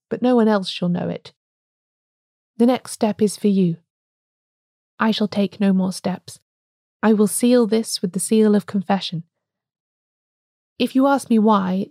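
A woman voicing a calm, wise male priest who speaks gravely and gently in an audiobook reading. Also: high voice, no echo, studio quality.

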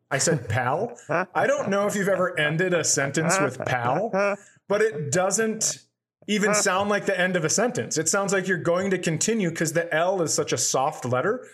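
A man's voice: on the high side, lively intonation, moderate pace, a bit bright. A man co-hosting a comedy podcast, telling rambling stories in casual chat and acting out the voices of people in them. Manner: rambling storyteller, acts out quotes. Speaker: podcast co-host.

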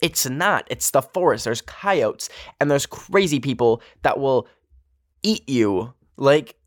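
A man's voice: mid-range voice, slow, no room sound, studio quality. A young man hosting a podcast, telling a story in a casual, emotional way, full of "like" fillers. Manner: chatty, filler-heavy with frequent "like", emotional. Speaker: podcast host.

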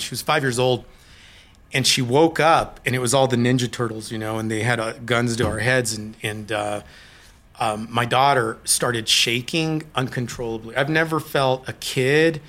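Candid middle-aged man, bright forceful voice. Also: mid-range voice. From Colorado, US. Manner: candid, halting storytelling. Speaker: guest. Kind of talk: personal recovery story in an interview.

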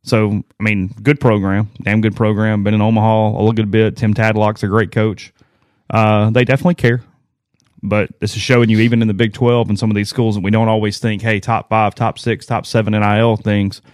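A man's voice: on the low side, level tone, brisk, a little mellow, no echo, studio quality. A man co-hosting a sports podcast in casual chat, rambling and self-deprecating as he tells stories.

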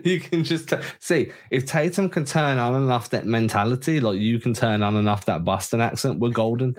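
A man co-hosting a casual sports podcast, talking in an animated, opinionated way with frequent restarts. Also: mid-range voice, moderate pace. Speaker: podcast co-host.

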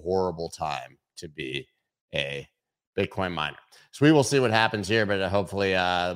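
A man's voice: low-pitched, a bit bright, smooth. A man hosting a weekly crypto news review, talking casually and emphatically, often repeating words for stress.

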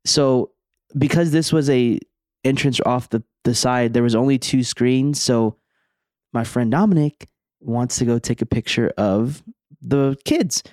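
A man's voice: medium pitch, measured pace, a little mellow, no echo, studio quality. A young man co-hosting a podcast, telling stories in a laid-back way full of slang. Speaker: podcast co-host. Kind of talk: casual chat.

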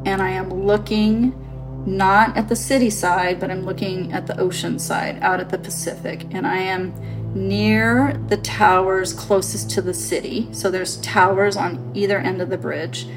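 A woman telling her own paranormal story on a podcast, halting and earnest, full of fillers as she searches for words. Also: mid-range voice, level tone, over music. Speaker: storyteller guest.

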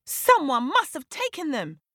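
Storybook zebra: huffy, indignant female, lively pitch, put on by a woman storyteller. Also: unhurried, dry recording, studio quality, full character voice. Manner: huffy, scowling.

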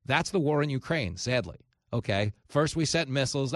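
A man's voice: medium pitch, expressive, moderate pace, dry recording, studio quality. Ranting male talk radio host. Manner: ranting, with comic asides and storytelling. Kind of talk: opinionated talk radio monologue. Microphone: studio microphone.

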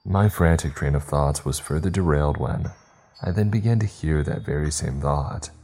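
A man's voice: rumbling low, normal speed, darkish tone, slightly rough. A man reading a scripted first-person horror story with dramatic, tense storytelling. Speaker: narrator.

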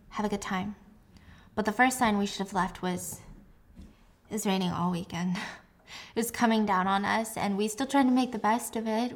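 A woman voicing a traumatized young woman patient, crying as she haltingly tells her story. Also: medium pitch, natural voice. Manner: halting, emotional retelling.

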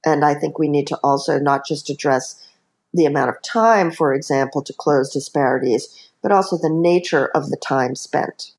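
A woman's voice: deep voice, normal speed, a little mellow. A woman author speaking as a podcast guest, explaining earnestly with many asides. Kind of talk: podcast interview.

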